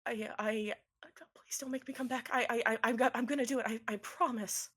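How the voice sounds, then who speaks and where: A woman's voice: on the high side, moderate pace, a bit bright, breathy edge, voice pushed up. A woman voicing a scared, tearful young woman in a tabletop game, stammering and pleading.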